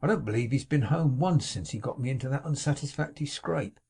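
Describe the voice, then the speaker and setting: A man voicing an excitable, kindly young man in an audiobook, with eager, breathless exclamations in a raised voice. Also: mid-range voice, a little fast, vocal fry, slightly rough, pitched above the performer's own voice. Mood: overjoyed.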